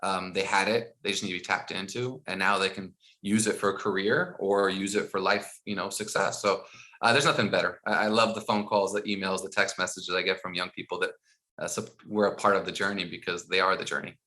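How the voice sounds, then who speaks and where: A middle-aged man telling animated stories as a podcast guest, acting out dialogue and laughing as he goes. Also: low voice, brisk. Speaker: guest, founder of a school mindfulness program. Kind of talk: storytelling in a podcast interview.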